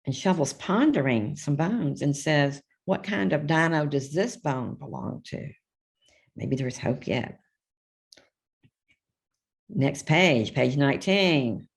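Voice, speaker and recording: A woman's voice: low voice, lively intonation, takes it slowly, vocal fry, long pauses, breathy edge. An older woman, the book's author, reading a children's picture book aloud live, chatting between pages and giving the characters little voices. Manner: chatty, reads character lines with small voice shifts and asides.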